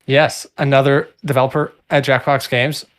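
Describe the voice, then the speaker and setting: A young man co-hosting a casual livestream, joking in a dry, deadpan way. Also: medium pitch, moderate pace. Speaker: co-host.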